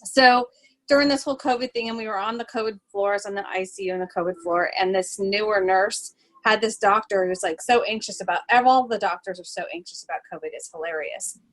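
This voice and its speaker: A woman's voice: medium pitch, a little fast, rough recording. A woman hosting a podcast as a nurse, telling stories in casual chat with lots of fillers and laughter. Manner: animated storyteller, laughs often, many fillers. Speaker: podcast host, holistic travel nurse.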